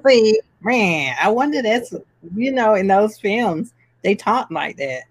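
A podcast co-host chatting casually about films, chatty and quick to laugh. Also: mid-range voice, expressive, no room sound. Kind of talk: casual film chat.

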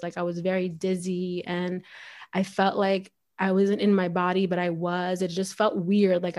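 A woman chatting as a podcast guest, rambling and filling her talk with "like". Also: on the low side. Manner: rambling, heavy use of filler "like". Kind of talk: casual chat.

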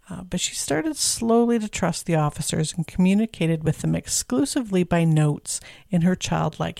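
Gravelly-voiced woman hosting a podcast. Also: deep voice, darkish tone, no room sound, clean studio sound. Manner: casual, conversational with filler words. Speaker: podcast host. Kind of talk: true crime storytelling.

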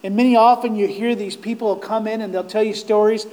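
A man preaching a sermon, impassioned, swelling to near-shouts on quoted cries of despair. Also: high voice, fairly even intonation, fairly quick, few pauses, rough recording.

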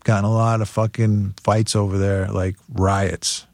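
A man's voice: fairly low pitch, little pitch movement, a little slow, a little mellow, no room sound. Profane storytelling guitarist man, dry sound. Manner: profane, laughing as he tells stories. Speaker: guest musician. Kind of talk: casual storytelling.

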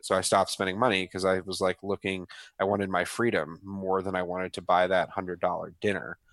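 A man's voice: sits low, little pitch movement, brisk, fairly bright tone, no echo. A man in his thirties, a guest author in a casual interview, talking with laid-back energy and often saying "man" and "dude". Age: 30s.

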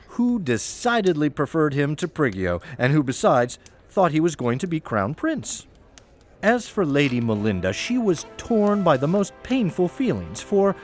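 Man narrator, wry fairy-tale reading, very lively pitch, faint music. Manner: wry, playful, arch. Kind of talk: scripted storybook narration.

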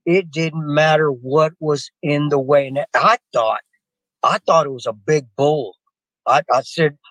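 A man's voice: on the high side, unhurried, fairly bright tone, dry recording, poor audio. An older man telling a personal story to a host in a rambling way. He often restarts his sentences and keeps turning to the host by name. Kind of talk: rambling spoken anecdote.

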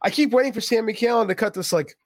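A man's voice: sits high, rapid-fire, dry recording, studio quality. A man co-hosting a wrestling podcast, ranting in an exasperated, profane, casual way. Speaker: podcast co-host.

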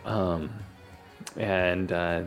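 A man narrating as game master of a tabletop game, lively and halting, with many fillers. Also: low voice, faint music behind.

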